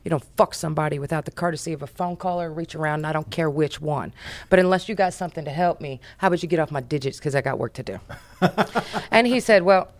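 An American woman, a business founder, telling a story as a podcast guest in a brash, profane, animated way. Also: deep voice, fast talker.

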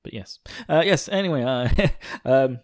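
A man's voice: mid-range voice, lively intonation, measured pace. A young man from England with an Essex accent, hosting a podcast in casual, self-mocking chat and laughing often. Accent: Essex English. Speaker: podcast host.

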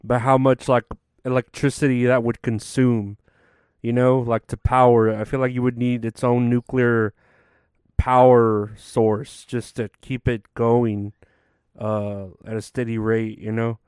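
A man's voice: mid-range voice, level tone, a little slow, a little mellow, smooth, no echo, studio quality. A young man rambling casually to camera, tired and yawning, full of fillers and restarts. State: sleepy, yawning. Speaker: vlogger.

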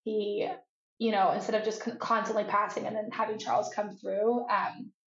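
A young woman co-hosting a casual sports podcast, excitable and playfully teasing. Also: medium pitch, moderate pace. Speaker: podcast co-host. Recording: echoey room, dull lo-fi audio.

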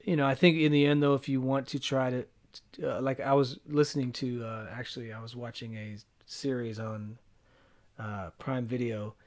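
A man's voice: medium pitch, little pitch movement, normal speed. A man co-hosting a casual podcast who muses earnestly and reflectively. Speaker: podcast co-host.

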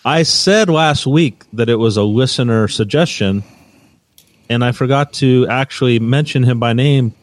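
A man's voice: medium pitch, moderate pace, no room sound. Rambling man in his fifties. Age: 50s. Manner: rambling, searches for words with many fillers. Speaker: podcast co-host. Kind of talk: casual chat.

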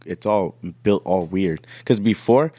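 A man's voice: on the low side, a little slow, warm tone, dry recording. A man casually telling a long story on a podcast, swearing freely and acting out the people in it. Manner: profane, rambling storytelling with quoted voices. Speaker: podcast host.

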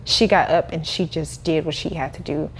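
A young adult woman, a podcast guest who runs a cleaning business, telling her story in a casual, animated way with frequent laughter. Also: sits low, normal speed, a little hiss or hum. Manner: animated, laughing, acts out quoted voices.

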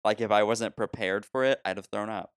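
A man telling a long story in casual chat, animated, laughing often and restarting sentences. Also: on the low side, a little fast, clean tone, no room sound, clean studio sound. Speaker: podcast co-host telling a story.

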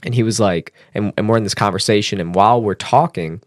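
A man telling a personal story as a podcast guest, casual and animated, swearing and using fillers. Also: quick pace, no echo, clean studio sound. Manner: animated, acts out quotes with raised pitch.

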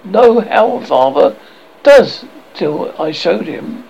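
Man voicing an earnest proper boy, indignant, raised pitch, gravelly edge, dull lo-fi sound. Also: big pitch swings, slow, a little mellow, slight background noise, full character voice.

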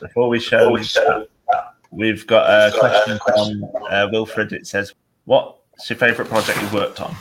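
A man's voice: fairly low pitch, level tone, a little slow, a bit bright, husky, rough recording. A man hosting, briefly cutting in to read out an audience question. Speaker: interview host.

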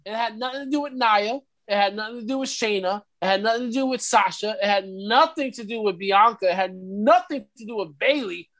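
A man's voice: sits high, fairly quick, few pauses, a bit bright. A man co-hosting a wrestling podcast, joking and teasing while steering the segments. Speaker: podcast co-host. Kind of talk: casual chat.

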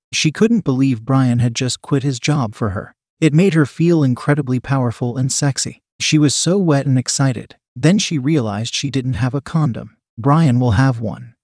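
A man reading a written story aloud in a steady narrating manner. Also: mid-range voice, no room sound, clean studio sound. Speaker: podcast narrator.

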